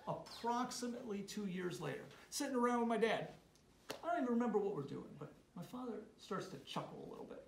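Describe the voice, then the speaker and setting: A man telling a funny family story to a club audience, animated and halting, with many restarts. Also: high voice, vocal fry. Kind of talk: casual spoken storytelling. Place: meeting room. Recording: roomy hall sound, faint noise.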